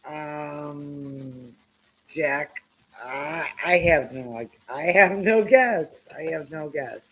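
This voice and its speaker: A woman's voice: low-pitched, extremely slow, a bit bright, slightly rough, poor audio. A woman co-hosting a podcast who reacts with giggles and chats with the others. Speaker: podcast co-host. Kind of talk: casual chat.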